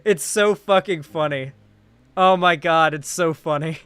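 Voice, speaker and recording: A man's voice: on the high side, measured pace, a bit bright, clean tone. A tired man chatting casually on a live stream, rambling and full of fillers. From United States. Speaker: streamer and commentator.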